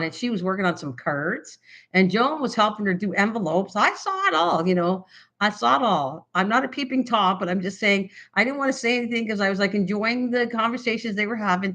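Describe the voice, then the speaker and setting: An older woman with a Canadian accent, hosting a casual live-stream chat about crafts, rambling with lots of fillers and restarts, hyper and excited. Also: mid-range voice. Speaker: craft channel host.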